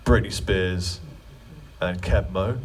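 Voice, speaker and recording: A man's voice: low voice, fairly even intonation, slow, distant mic, slight background noise. Chatty man teaching a guitar clinic. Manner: chatty, joking asides. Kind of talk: live clinic Q&A storytelling. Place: music store clinic.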